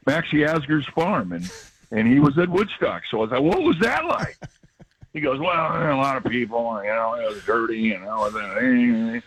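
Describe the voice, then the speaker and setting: An older male baseball broadcaster chatting on the radio, reflective and rambling, with a husky voice. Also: medium pitch, normal speed, slight background noise. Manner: reflective, rambling storyteller with laughs. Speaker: baseball broadcaster, regular guest. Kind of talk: emotional casual radio chat. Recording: dull lo-fi radio audio.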